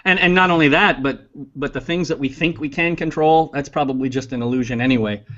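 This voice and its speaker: A man co-hosts a relaxed talk, sharing his thoughts in an earnest, reflective way with a slightly high voice. He laughs easily, and the recording sounds dull and lo-fi. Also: brisk. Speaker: co-host. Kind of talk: casual conversation.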